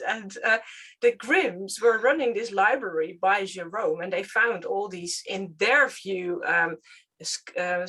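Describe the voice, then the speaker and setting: Halting woman historian, non-native speaker. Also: medium pitch, fairly bright tone, breathy edge. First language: Dutch. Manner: halting, searches for words with many fillers. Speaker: historian guest. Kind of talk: casual panel discussion.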